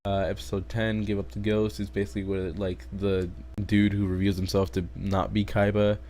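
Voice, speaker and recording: A man's voice: lowish voice, flat delivery, moderate pace, darkish tone, a little hiss or hum. A man recapping anime episodes in a casual, rambling way, swearing often and trailing into asides. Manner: rambling, profane, full of fillers and asides. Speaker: anime reviewer.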